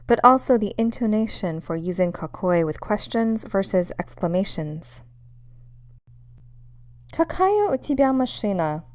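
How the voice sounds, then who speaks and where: A young adult woman teaching a language lesson, speaking in a clear, measured way and saying example sentences slowly. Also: medium pitch, darkish tone, no echo. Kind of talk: scripted lesson narration.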